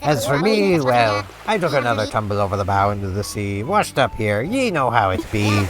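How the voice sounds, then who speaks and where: A man doing a clumsy pirate seabird, pirate slang, hammy theatrical delivery, lively swooping pitch, game music behind. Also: moderate pace. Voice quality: pirate talk, growled "arr" and "me hearties". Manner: hammy, theatrical, pun-loving. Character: clumsy boastful male seagull pirate, punning.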